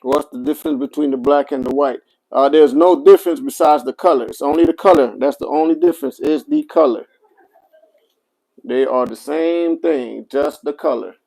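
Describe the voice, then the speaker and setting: Gravelly man demoing clippers on a livestream. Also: a little high, big pitch swings, normal speed, mellow, poor audio. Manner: chatty, reads and answers viewer comments. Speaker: livestream seller. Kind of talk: casual product demo livestream.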